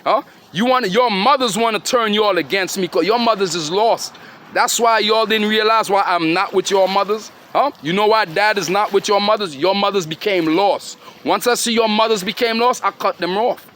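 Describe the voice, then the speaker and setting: A middle-aged man with a high voice for a man gives a rambling, streetwise sermon in heavy slang. He keeps firing short questions at his listeners and scolds them like a preacher. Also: normal speed, a bit bright, slight background noise. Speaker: father addressing his children and followers.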